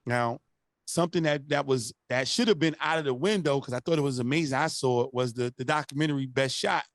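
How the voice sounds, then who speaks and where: A man's voice: medium pitch, fairly quick, no room sound, studio quality. A man hosting a casual interview, supportive and agreeing, asking his guest questions. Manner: supportive, agreeing, brief affirmations.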